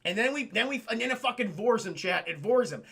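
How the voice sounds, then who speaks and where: Animated swearing streamer with a high, gravelly voice. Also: male voice, fast talker. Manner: animated, swearing, acts out characters in goofy voices. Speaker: streamer reviewing a film. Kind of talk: profane live-stream movie recap.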